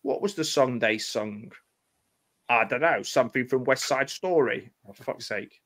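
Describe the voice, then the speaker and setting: A British man reads a forgotten horror screenplay aloud at a mid-range pitch, stopping often to mock it. His asides come dry and sardonic, mixed with laughter and the odd curse. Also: moderate pace, a bit bright. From United Kingdom. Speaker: podcast host reading a script. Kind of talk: comedic script read-through.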